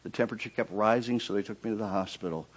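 A man preaching his personal testimony in a sermon, his voice swinging from quiet and low in narration to high, loud outbursts in the reenacted prayers. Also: very fast, slightly rough, highs cut off.

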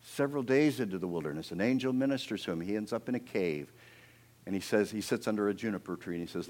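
A man's voice: on the low side, very animated, brisk, pauses often. A man preaching a sermon outdoors, telling scripture stories dramatically and acting out quoted speakers, with playful asides. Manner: dramatic storytelling, acting out quoted speakers with big swings in loudness. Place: outdoors near a creek.

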